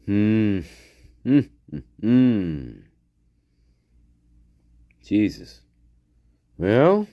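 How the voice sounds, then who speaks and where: A man's voice: lowish voice, big pitch swings, drawn-out words, long pauses, no echo, lo-fi sound. A man hosting a casual livestream, swearing and ranting angrily, then muttering to himself as he reads the chat. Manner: profane angry ranting; muttering while reading chat. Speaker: livestream host.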